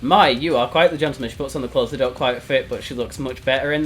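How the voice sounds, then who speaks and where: A man streaming a text adventure game, reading it aloud and reacting with sudden loud outbursts. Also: medium pitch, quick pace, a little hiss or hum. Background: faint background music.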